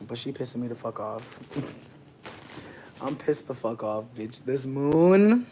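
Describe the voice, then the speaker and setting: A vlogger ranting casually to camera at home, swearing constantly and telling a story with big swings from muttering to loud bursts. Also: medium pitch, expressive, slow, a little hiss or hum. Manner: profane, heavy swearing. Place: indoors, at home near a window.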